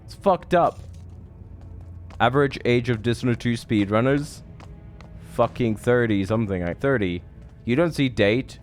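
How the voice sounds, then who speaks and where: A man in his thirties streams a game and chats loosely with his viewers, swearing often and rambling from one thought to the next as he gives live commentary. His mid-range voice moves at a measured pace with frequent pauses, and faint music plays in the background.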